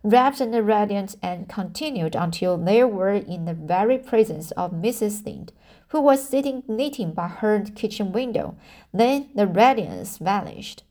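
A woman's voice: mid-range voice, lively intonation, a little slow, dark tone. A woman reading a novel aloud, often stumbling over words and restarting lines. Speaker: audiobook reader. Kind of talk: amateur audiobook narration.

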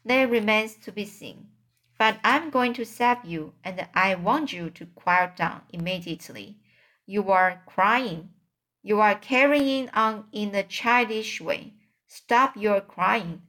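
A woman reading aloud, voicing a calm, wise female spider who speaks sweetly but briskly and firmly, at a slow pace. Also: mid-range voice.

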